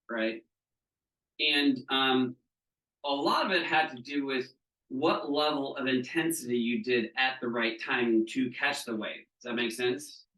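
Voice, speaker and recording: Man, trainer, acts out quotes, keeps asking "right?", bright voice, roomy distant sound. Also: medium pitch. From Southeast Florida, US. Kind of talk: teaching with stories. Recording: echoey room, mic at a distance.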